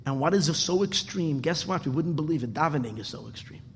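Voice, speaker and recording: A man teaching a Torah class with a high, lively voice that swings all over. He tells a parable as an animated storyteller and acts out its voices. The sound rings with a long hall reverb. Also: fairly quick, a little hiss or hum.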